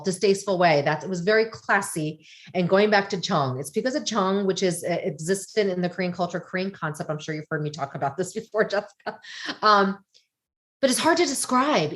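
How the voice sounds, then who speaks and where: A woman talking as a guest on a casual podcast, her voice sitting at an ordinary middle pitch. She explains ideas in a lively, conversational way, stopping often to check in with a quick "right?". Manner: animated, explaining with frequent "right?" asides.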